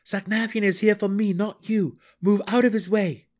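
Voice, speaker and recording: A man voicing a young male dark elf who pleads urgently. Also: sits high, steady tone, moderate pace, voice pushed up, natural voice.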